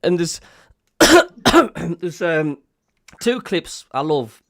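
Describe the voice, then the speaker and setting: Man, Sunderland accent, podcast host, lively swooping voice, dry close sound. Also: on the high side, drawn-out words, dry recording. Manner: animated storytelling with laughter and quoted voices. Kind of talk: casual podcast chat.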